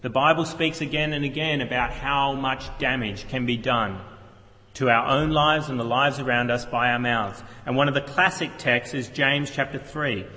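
A man's voice: medium pitch, moderate pace, bright, forceful tone, long reverb tail. A man preaching a sermon as pastor, earnestly explaining a text with rhetorical questions, in a church.

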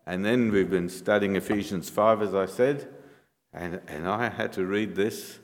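A man's voice: on the low side, fairly even intonation, measured pace. A man preaching a sermon as pastor, explaining things patiently and asking the congregation rhetorical questions. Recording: long reverb in a large hall.

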